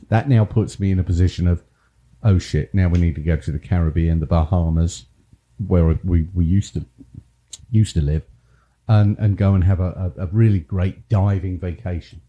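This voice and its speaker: Dark-voiced Englishman in casual banter. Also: sits low, moderate pace, lo-fi sound. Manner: teasing, laughs often, repeats words. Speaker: podcast co-host. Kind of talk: casual chat.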